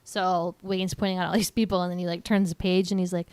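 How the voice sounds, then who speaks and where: A woman's voice: on the low side, little pitch movement, fast talker, darkish tone, clear, resonant tone, no echo. Chatty woman co-hosting a film podcast. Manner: chatty, playful storyteller. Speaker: podcast co-host. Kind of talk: casual chat about a film.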